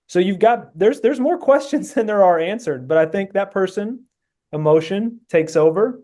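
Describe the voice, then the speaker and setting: Man, podcast guest, casual chat, earnest and rambling, mellow tone, slightly high. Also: fairly quick. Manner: earnest, rambling reasoning with many fillers.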